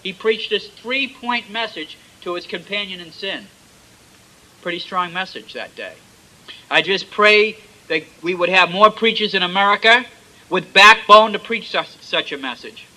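A man preaching a sermon, retelling scripture emphatically and swinging between loud and soft. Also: high-pitched, animated, a little slow, low-quality recording.

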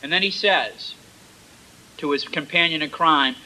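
High, sharp-voiced male preacher. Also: unhurried, poor audio. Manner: emphatic, dramatic retelling with loudness swings. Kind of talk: sermon.

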